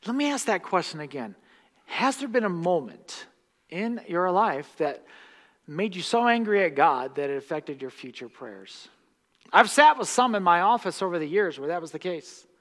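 Male pastor, sermon delivery, bright forceful tone, slightly high voice, long church-hall reverb. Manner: impassioned, swings from hushed to loud. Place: church sanctuary.

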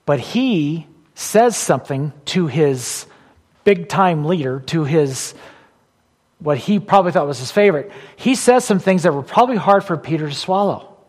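A man preaches as pastor in a large hall, his voice on the high side and expressive at normal speed. He hammers home key phrases through repetition, shifting between loud declarations and quiet, intimate asides.

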